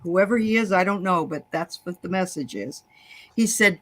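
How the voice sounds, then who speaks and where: An older woman hosting a medium session, chatting casually and passing on messages, quick to affirm and laugh. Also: fairly low pitch, a bit bright. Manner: affirming listener, lots of mm-hmms, easy laughs. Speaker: host and medium. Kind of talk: casual chat.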